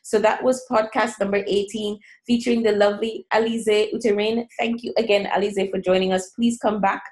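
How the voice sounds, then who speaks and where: A woman's voice: mid-range voice, flat delivery, brisk. A woman hosting a business podcast, encouraging her guest and listeners in a chatty way with fillers. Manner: warm encouraging, rambling with fillers. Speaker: podcast host. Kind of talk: podcast interview and outro.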